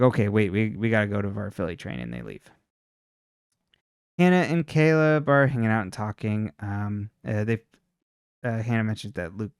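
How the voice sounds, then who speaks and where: A man co-hosting a podcast, casually retelling a TV episode in a rambling way, full of fillers and quick quoted lines. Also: medium pitch, smooth, dry recording, studio quality. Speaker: podcast co-host recapping a TV episode. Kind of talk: casual recap chat.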